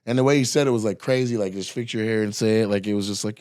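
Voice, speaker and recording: A man's voice: on the low side, fast, hardly any pauses, darkish tone, clean tone, dry recording, clean studio sound. A man hosting a casual podcast, telling stories with lots of acted-out voices of other people. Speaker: podcast host, comedian. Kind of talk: casual storytelling chat.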